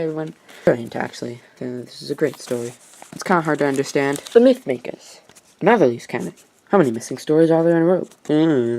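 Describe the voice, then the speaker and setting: Teen girl, home vlogger, low dark voice, chatty and rambling, lots of asides. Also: rough recording. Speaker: YouTuber reviewing DVDs. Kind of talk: casual vlog review.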